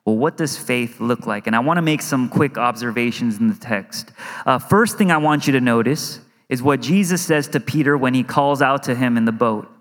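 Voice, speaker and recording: Male pastor, thirties, middle-register voice, conversational sermon with quick acted-out asides; church hall with long reverb. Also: mid-range voice. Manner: earnest, acts out inner worries in quick asides. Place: church sanctuary.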